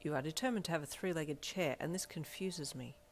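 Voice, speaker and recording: Brief: woman playing an earnest, proper young man in a fan audio drama, low voice, quiet backing music. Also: brisk. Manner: stiff, proper, polite. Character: formal, earnest young male student.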